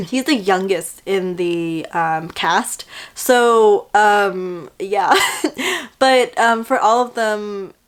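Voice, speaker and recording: A woman's voice: medium pitch, extremely slow. Chatty young woman gushing about a drama. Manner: chatty and excitable, heavy use of "like" and acted-out quotes. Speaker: drama reviewer. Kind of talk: casual vlog chat.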